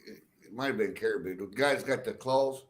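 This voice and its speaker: A man's voice: fairly low pitch, moderate pace. Male stream host, casual chat, short agreeable responses. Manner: brief, agreeable replies.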